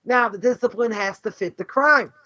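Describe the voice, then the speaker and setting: A man's voice: very high voice, normal speed, pushed and bright, no room sound. A man teaching a class as a rabbi, emphatic and full of rhetorical questions. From Boston. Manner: emphatic, rhetorical questions, frequent "right?" and "you know". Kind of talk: animated Torah lesson. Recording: dull lo-fi dry recording.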